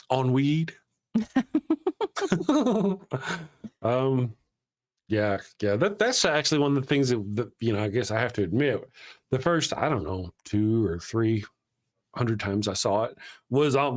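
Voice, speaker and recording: A man hosting a casual live chat, eagerly retelling movie scenes in a loose, rambling way. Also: a little high. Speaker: show host.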